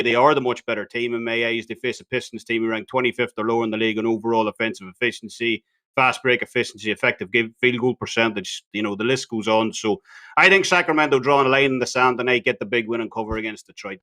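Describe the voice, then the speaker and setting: A man's voice: medium pitch, bright, forceful tone, no room sound. A man on a betting panel making a confident case for his pick with stats. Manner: confident, stat-driven, wry. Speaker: sports handicapper panelist.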